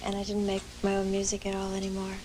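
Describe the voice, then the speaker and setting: A woman in the audience sharing her story slowly and hesitantly. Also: mid-range voice, completely flat delivery, dark tone, slight background noise, rough recording. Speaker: audience member.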